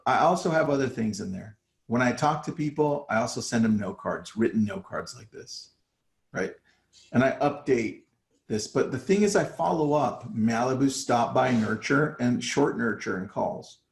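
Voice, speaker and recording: A man's voice: mid-range voice, animated, normal speed, gravelly, reverberant. A man coaching real estate agents in a casual live talk, acting out his phone calls with sellers. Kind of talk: live online training talk.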